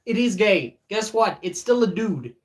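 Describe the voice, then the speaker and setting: Slow-talking man teasing chat. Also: high-pitched, very animated. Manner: joking, teasing, reads chat aloud; many fillers and restarts. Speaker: streamer. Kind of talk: casual live-stream chat.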